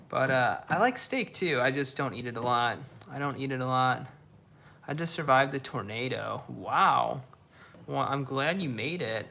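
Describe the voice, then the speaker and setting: A young man streaming from a dark room, chatting with viewers in a relaxed, slang-heavy way and echoing his own words. His voice has a gravelly edge with a bright, forward tone. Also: medium pitch. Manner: laid-back slangy, repeats himself. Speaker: livestreamer reading chat. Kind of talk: casual live stream chat.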